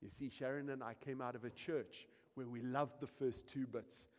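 A man preaching a sermon, swinging between quiet asides and loud, emphatic shouting. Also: medium pitch, fairly even intonation, moderate pace. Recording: long reverb of a large hall.

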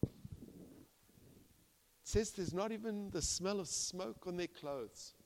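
A man preaching a sermon as pastor, swinging from hushed to loud and acting out the people in his stories. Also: sits high, slow pace, slight background noise. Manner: animated, swings from hushed to loud, acts out quoted characters. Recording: long reverb of a large hall.

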